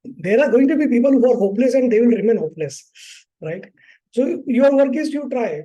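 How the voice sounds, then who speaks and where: High-pitched man teaching an online psychology class. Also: animated, fairly quick, warm tone, low-quality recording. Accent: Indian English. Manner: informal, repeats "okay" and "right", acts out clients. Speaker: psychology course instructor.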